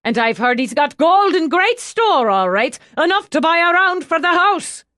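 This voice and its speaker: A man's voice: high-pitched, very animated, measured pace, fairly bright tone, no echo, studio quality, exaggerated voice. A woman voicing a boisterous, burly pub owner who talks in a hearty, teasing, roaring way. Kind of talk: audiobook character voice.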